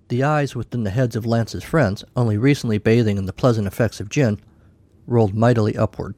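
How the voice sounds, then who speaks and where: A man's voice: on the low side, fairly quick, darkish tone, no room sound. A man narrating a comic short story in a wry, dry way.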